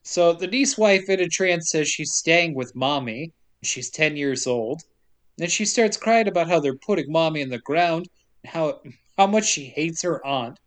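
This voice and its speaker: A man's voice: on the high side, animated, unhurried. Joking man recapping a movie. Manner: profane, joking, acts out characters' lines. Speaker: podcast co-host. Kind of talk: casual comedic movie recap.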